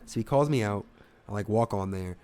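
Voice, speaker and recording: Lowish-voiced comedian telling a story. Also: male voice, fairly quick. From Ohio, US. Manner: animated, swearing, acts out voices in his anecdotes. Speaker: stand-up comedian, guest. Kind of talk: casual podcast storytelling.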